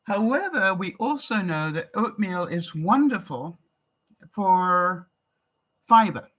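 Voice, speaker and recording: An older woman from Canada chatting casually on a live stream, answering viewer comments in a chatty, relaxed way. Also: lowish voice, slow pace, rough recording. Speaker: vlogger.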